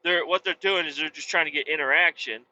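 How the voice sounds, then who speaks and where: A man vlogging from his truck on the highway, chatting casually in a blunt, rambling way and swearing freely. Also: fast talker, pushed and bright. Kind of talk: casual chat while driving. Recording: dull lo-fi audio with faint road noise.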